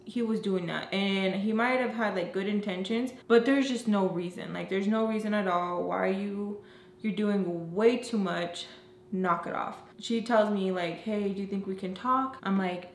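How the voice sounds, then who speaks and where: A young woman telling a personal story in a casual, animated way, acting out what people said and filling her talk with "like". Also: medium pitch, moderate pace. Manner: animated, acts out quotes, lots of "like". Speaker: storyteller vlogger. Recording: echoey room with faint noise.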